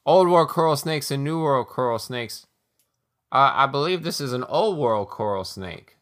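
A man's voice: mid-range voice, animated, moderate pace, fairly bright tone. A man playing a tabletop game, explaining snake facts in an informative, slightly hesitant way. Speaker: player. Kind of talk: casual tabletop game chat.

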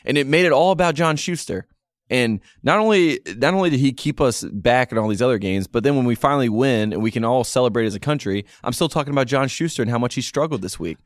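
A man's voice: medium pitch, fast talker, dry recording, clean studio sound. A man co-hosting a casual sports podcast, ranting in exasperated complaints. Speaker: podcast co-host.

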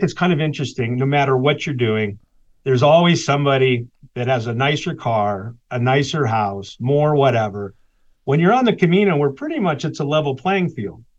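A man's voice: medium pitch, dull audio. A man, a guest author, animatedly telling a personal story in conversation, laughing between lines.

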